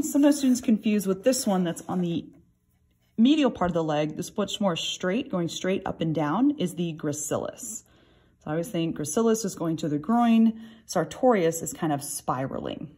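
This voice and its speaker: Breathy woman teaching anatomy. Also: lowish voice, darkish tone. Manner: patient, explanatory, handles a model while talking. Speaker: anatomy instructor. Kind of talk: recorded lab lesson.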